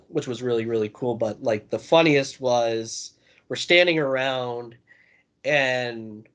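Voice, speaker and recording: A man's voice: mid-range voice, lo-fi sound. A man on a podcast telling a laid-back, profane anecdote in casual chat. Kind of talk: casual storytelling.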